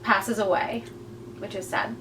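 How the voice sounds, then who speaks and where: A woman's voice: mid-range voice, a little slow, recorded from a distance, slight background noise, low-quality recording. A woman co-hosting a podcast, casually retelling a book's plot and acting out the characters' lines. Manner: animated storyteller, acts out characters' lines. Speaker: podcast co-host.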